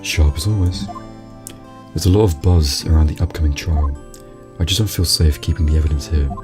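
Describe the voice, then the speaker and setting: A man voicing a calm, caring older sister who works as a lawyer, speaking gently. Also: rumbling low, fairly quick, over music. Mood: gentle.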